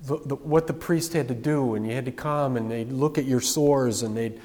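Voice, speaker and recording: A man's voice: medium pitch, moderate pace, a little mellow, big-room sound. A man preaching a sermon as pastor, in a plain-spoken, conversational way.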